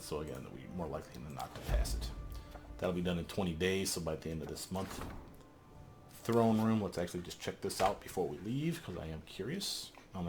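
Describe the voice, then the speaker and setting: A man's voice: low-pitched, a little hiss or hum. A man doing gameplay commentary, exasperated and swearing as he pleads with game characters. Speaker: let's play host.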